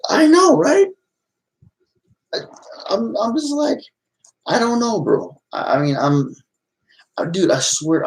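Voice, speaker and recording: Speaking to his stream chat in a loose, rambling way, this middle-aged man starts out agitated and ends up apologetic, restarting his sentences again and again. His voice is medium in pitch, a little mellow, with vocal fry, and the audio is poor.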